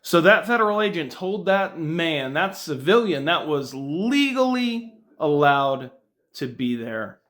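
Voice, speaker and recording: A man's voice: fairly high pitch, very animated, unhurried, a bit bright. A man giving earnest, emphatic video commentary and calling on viewers to comment. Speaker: social media commentator. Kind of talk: slow deliberate commentary.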